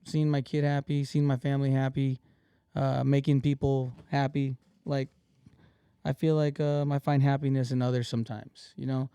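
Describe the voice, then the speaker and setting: A man's voice: mid-range voice, flat delivery, normal speed, dark tone, smooth, no echo. A man talking in a casual podcast chat as the guest comedian, earnest and rambling, calling people "bro" and "man".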